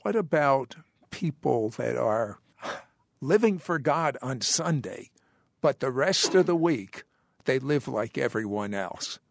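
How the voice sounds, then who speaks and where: A man hosting an interview, asking slow, deliberate questions. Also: medium pitch, lively intonation, gravelly, no room sound. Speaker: interviewer host.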